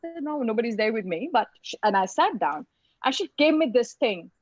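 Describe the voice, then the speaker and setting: A woman speaks in a fairly high voice, stopping and restarting her sentences as she tells a personal story. The sound comes through a dull, lo-fi video call line, dry and close with no room around it. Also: big pitch swings, no echo. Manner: halting, repeats words and restarts. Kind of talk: personal story in a web lecture.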